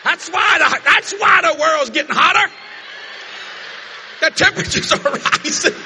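Shouting high-voiced preacher man. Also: unhurried, in a large hall, a little hiss or hum. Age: older. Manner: shouting, laughing, folksy storytelling. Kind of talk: sermon with stories.

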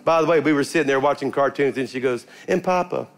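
A man's voice: medium pitch, fast, soft background music. An older man preaching a sermon as a pastor, telling family stories and leading a prayer. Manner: animated storytelling, rising to forceful preaching then quiet prayer. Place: church sanctuary.

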